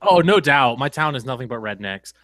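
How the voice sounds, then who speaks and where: A man's voice: medium pitch, animated, fairly quick, a bit bright, no room sound. A man from northern New York, guest on a casual podcast, laid-back and laughing often.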